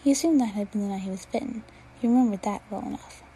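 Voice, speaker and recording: A woman reading fan fiction aloud at an unhurried pace, dropping to a whisper now and then. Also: mid-range voice, warm tone, slight background noise, low-quality recording. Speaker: reader.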